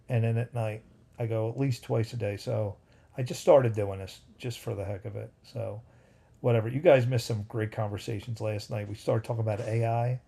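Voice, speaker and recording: Host type: a man livestreaming from home, gravelly and mellow, chatty, excitable, easily sidetracked by chat. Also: medium pitch. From United States. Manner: excitable, reacts to chat, goes off on tangents. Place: home at night. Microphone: phone.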